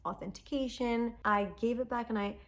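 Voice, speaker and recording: A woman talking casually to camera from a quiet room at home. She speaks earnestly, with animated, heartfelt emphasis. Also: on the high side, normal speed. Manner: earnest and animated, acts out quoted dialogue. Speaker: self-development vlogger. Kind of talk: casual personal talk to camera. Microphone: phone. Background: dog and traffic sounds at times.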